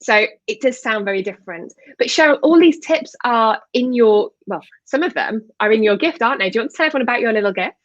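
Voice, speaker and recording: A woman's voice: a little high, lively intonation, fast, hardly any pauses, dry recording. Woman, host, casual chat, dull video call audio, dry sound. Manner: chatty, affirming with frequent mm-hmms. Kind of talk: casual live interview chat.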